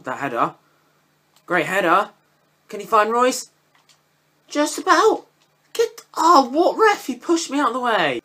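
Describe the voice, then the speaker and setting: A young man giving live gameplay commentary, swearing and breaking into high yelps at big moments. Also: bright, forceful tone. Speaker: gaming YouTuber.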